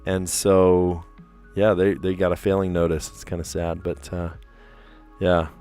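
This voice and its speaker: A man in his thirties, a teacher, chatting casually on his puzzle livestream, relaxed and chatty with lots of fillers and easy laughs. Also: deep voice, measured pace, faint music behind.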